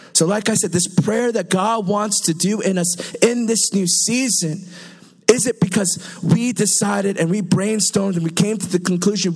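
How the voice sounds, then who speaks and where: A young man preaching a sermon, telling stories in a conversational, animated way with quick asides. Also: high voice.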